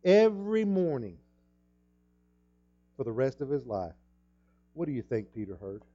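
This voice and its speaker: A man preaching a sermon in an emphatic way, repeating words and jumping up loud at key points. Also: medium pitch, big pitch swings, a little slow, highs cut off, faint music behind. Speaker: pastor.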